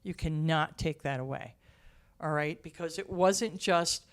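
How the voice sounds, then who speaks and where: A woman who writes and directs theatre, telling stories in a casual interview, emotional and expressive, sometimes dropping almost to a whisper. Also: low voice, measured pace.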